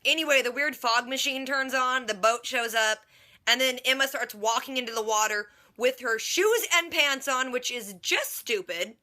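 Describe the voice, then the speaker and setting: Woman vlogger, TV recap; sarcastic, rambling, lots of "like"; sharp bright tone. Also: high-pitched, normal speed. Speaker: TV reaction vlogger. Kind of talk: casual TV episode recap.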